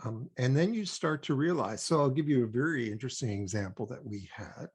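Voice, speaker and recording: An older man from Canada, a guest expert on child development, explaining at a measured pace with frequent ums and emphatic points. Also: medium pitch, lively intonation, slightly rough. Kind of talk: conversational explaining.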